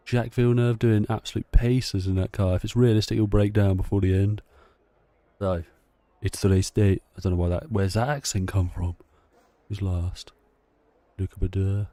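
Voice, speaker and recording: A man's voice: lowish voice, dark tone, no echo. A man chatting casually to himself while playing a racing game. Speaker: gameplay streamer. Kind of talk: casual gameplay commentary.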